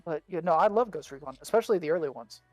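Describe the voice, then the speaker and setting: A man's voice: a little high, animated, fast, darkish tone, dry recording, soft background music. A man co-hosting a gaming podcast in casual chat, rambling and repeating words as he thinks, with the hiccups. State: has the hiccups. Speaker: podcast co-host.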